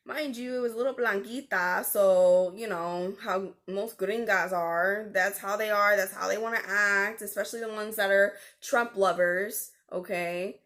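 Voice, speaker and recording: A woman's voice: medium pitch, fairly even intonation, unhurried, hardly any pauses, a bit bright. A young woman in a storytelling vlog, talking animatedly and indignantly about a customer call from her call center job, with lots of fillers. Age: young adult. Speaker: vlogger.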